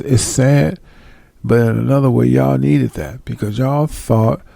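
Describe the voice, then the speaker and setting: A man's voice: medium pitch, vocal fry, warm tone, no room sound. A man, delivering a heated, profane monologue full of blunt rhetorical questions. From United States.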